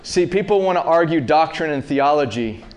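A man in his thirties preaching a sermon, talking casually to the congregation and building to loud, impassioned peaks. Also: on the high side, lively intonation, moderate pace, some chatter behind. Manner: rising to loud impassioned peaks, calls to the audience.

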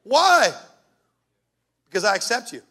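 A man's voice: sits high, big pitch swings, measured pace, pushed and bright. A man preaching a sermon as a pastor, in an impassioned, punchy way.

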